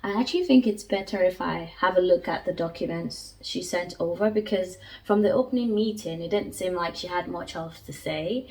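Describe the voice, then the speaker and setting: A woman's voice: fairly low pitch, normal speed, hardly any pauses, a little mellow, husky, faint music behind. A woman in her twenties chatting casually to viewers in a home vlog, laughing often and talking straight to camera. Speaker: vlogger.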